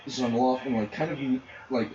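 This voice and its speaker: A man running a tabletop game, narrating in a halting way with many fillers. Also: mid-range voice, darkish tone, echoey room, dull audio, slight background noise. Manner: halting, filler-heavy storytelling. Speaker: game master.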